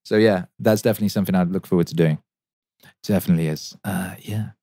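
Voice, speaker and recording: A man in his thirties talks through a casual livestream Q&A in a lowish voice, rambling and swearing freely with plenty of fillers. He sounds enthusiastic, and the sound is dry and close, with no room echo. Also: fairly even intonation, fast talker, dark tone. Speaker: musician and show host answering chat.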